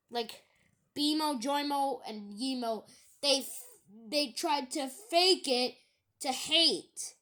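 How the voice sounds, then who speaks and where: Bright, slow-talking young woman vlogging. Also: high-pitched. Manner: reads out online comments and scoffs at them; halting, rambling, with many restarts. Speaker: YouTuber. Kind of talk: casual video commentary.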